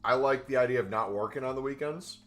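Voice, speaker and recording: A gaming streamer with a mid-range voice talks fast to his viewers over soft background music. He rambles casually, leans heavily on fillers, and sometimes speaks with food in his mouth.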